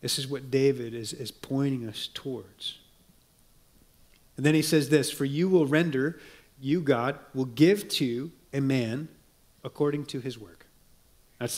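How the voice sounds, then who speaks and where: The speaker is a pastor preaching earnestly and at a measured pace. To press his points he goes soft and low, and he reads quotations aloud along the way.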